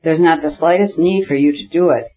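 A man's voice: fairly high pitch, fairly quick, muffled recording, close to an everyday voice. A man reading the part of an older aristocratic mother, matter-of-fact and firm, in an audiobook.

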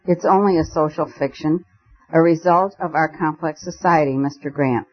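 A man's voice: a little high, fairly even intonation, moderate pace, lightly acted. A man reading the lines of a timid, nervous old country vicar, on a dull lo-fi recording. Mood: flustered. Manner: hesitant, nervous.

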